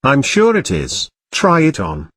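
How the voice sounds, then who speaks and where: A man's voice: mid-range voice, huge pitch swings, measured pace, fairly bright tone, husky, no room sound, full character voice. A man reading Ron, a sarcastic boy wizard. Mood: chatty.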